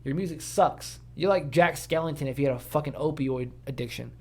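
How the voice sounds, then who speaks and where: Male podcast co-host, fairly high voice, animated, swears a lot, rants. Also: brisk. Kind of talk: casual profane chat.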